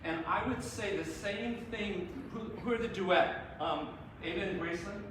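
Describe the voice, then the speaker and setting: A fairly high-voiced man gives lively, encouraging feedback to a group of singers, laughing now and then. He is heard from a distance in a very echoey hall, with steady background noise. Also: normal speed. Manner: encouraging, animated, laughs often. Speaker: performance adjudicator. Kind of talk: live feedback to performers. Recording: echoey room, far from the mic, noisy.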